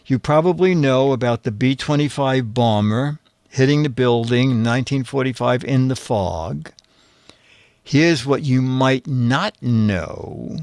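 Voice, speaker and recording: A man hosting a casual comedy show, reading out photo captions and trading jokes in an unhurried way. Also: mid-range voice, no echo. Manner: unhurried, reads captions aloud with dry jokes.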